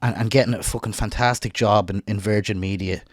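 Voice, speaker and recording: A man's voice: on the low side, fairly even intonation, fairly quick, dry recording, clean studio sound. Emotional, rambling Irish man host. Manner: emotional, rambling, swears freely, stumbles. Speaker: podcast co-host. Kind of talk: casual chat.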